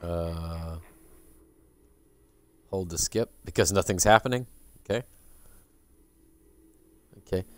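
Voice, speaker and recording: A man's voice: low-pitched, slow pace, long pauses, clear, resonant tone, dry recording. A man streaming a game, muttering sarcastic, swearing asides as he plays. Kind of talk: casual gameplay commentary.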